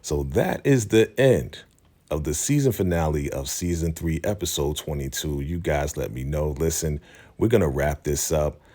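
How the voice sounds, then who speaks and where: A man hosting his channel, giving a casual, animated, slangy recap of a TV episode. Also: very deep voice, normal speed. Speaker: channel host.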